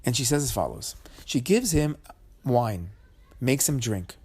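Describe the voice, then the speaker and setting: A man's voice: medium pitch, sing-song, unhurried, darkish tone, slightly rough. A man giving an informal Torah class, retelling Talmudic stories conversationally, with frequent restarts and Hebrew terms. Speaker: Torah teacher.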